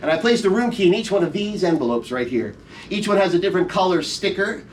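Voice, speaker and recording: A middle-aged stage magician full of playful patter, his voice rising and falling in a lively, animated way as he jokes with volunteers. He sounds a little higher than most men. He is caught from a distance by a camera in the audience, with faint room noise underneath. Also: fast. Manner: playful, teasing audience banter. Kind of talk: live comedy magic show patter. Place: theater show room, recorded from the audience. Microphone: audience member's camera from the front row.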